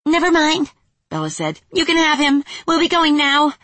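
A woman reading a story aloud and voicing a group of small, bold female fairies in a shrill, high voice. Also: big pitch swings, normal speed, fairly bright tone, no echo. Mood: hasty.

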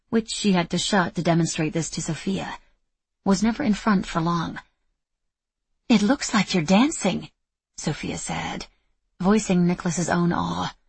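A woman narrating a novel in a steady, even reading style. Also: lowish voice, gravelly, husky, no echo. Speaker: audiobook narrator. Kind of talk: scripted narration.

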